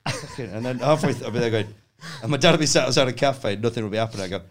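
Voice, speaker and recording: A man's voice: mid-range voice, very fast. A man, a comedian guest, telling stories in casual chat, laughing often and acting out the people he quotes.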